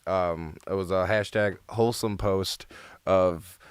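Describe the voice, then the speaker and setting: A man's voice: sits low, fairly even intonation, slow, clear, resonant tone, no room sound. A man hosting a casual podcast interview, laid-back and laughing often, with filler-filled questions. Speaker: podcast host.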